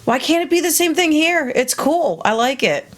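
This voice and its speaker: Blunt, outspoken woman musician. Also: normal speed. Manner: blunt, swearing, animated with sudden high quoted voices. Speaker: interviewed musician. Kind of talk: casual opinionated interview.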